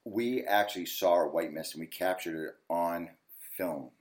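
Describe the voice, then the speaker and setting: Very deep-voiced New man, animated. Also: normal speed. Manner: animated storyteller, acts out yelling at the TV. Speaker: ghost hunter guest. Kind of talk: casual interview chat.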